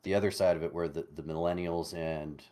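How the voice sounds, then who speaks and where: A man in his late thirties, a podcast guest, talking in a reflective, halting way and often repeating words as he searches for them. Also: low voice, fairly even intonation, dark tone. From United States. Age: late 30s. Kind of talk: casual conversation over a call.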